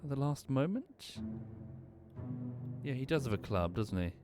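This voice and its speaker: A man's voice: mid-range voice, big pitch swings, unhurried, music in the background. A man streaming a game, thinking aloud as he plays, apologizing and correcting himself along the way. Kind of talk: casual gameplay commentary.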